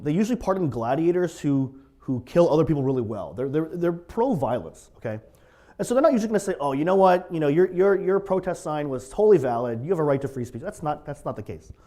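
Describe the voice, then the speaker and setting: A man's voice: a little high, mellow. A male pastor, preaching a sermon in a conversational, storytelling way with asides.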